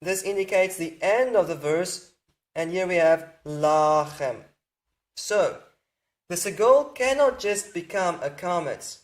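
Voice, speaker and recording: Male teacher, high-pitched, unhurried; patient, repeats key points while explaining grammar. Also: animated. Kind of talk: slow explanatory lecture.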